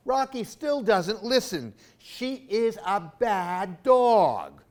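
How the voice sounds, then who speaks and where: A man's voice: on the high side, sing-song, extremely slow. A man reading picture books aloud for children, with playful asides to young listeners. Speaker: library storytime reader.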